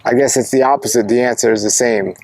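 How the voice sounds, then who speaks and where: A man's voice: mid-range voice, steady tone, quick pace, a little mellow, dry recording. A man who hosts a fruit-growing channel interviews a farmer and signs off with enthusiastic, upbeat presenting. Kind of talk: interview and sign-off.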